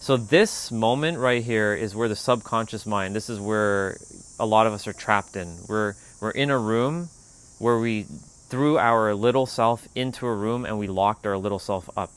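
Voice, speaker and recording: A man hosting a spiritual livestream, telling a personal story in a relaxed, rambling way with lots of "like.". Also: lowish voice, normal speed, clear, resonant tone.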